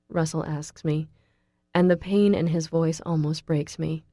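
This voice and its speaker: A woman narrates a first-person novel in a low, dark, mellow voice. She leans pleading and emotional in the heroine's lines. The recording is dry and close, from a studio booth. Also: fairly even intonation, unhurried, no room sound. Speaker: audiobook narrator.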